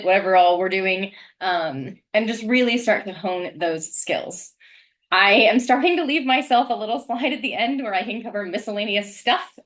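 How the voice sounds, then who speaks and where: A woman's voice: mid-range voice, a bit bright. Woman, wine student, informal rambling presenter, leans on "um" fillers. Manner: chatty, rambling, frequent "um" fillers. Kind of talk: casual educational presentation.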